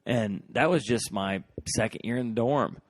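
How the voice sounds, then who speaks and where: A man's voice: medium pitch, moderate pace, no room sound. A man hosting a podcast alone, casually reminiscing in a rambling, self-deprecating way with lots of fillers. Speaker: podcast host.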